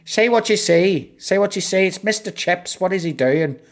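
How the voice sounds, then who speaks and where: A man's voice: sits high, lively intonation, normal speed, voice pushed up. A man putting on a hammy Irish game-show host. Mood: coaxing. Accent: put-on Irish, done badly.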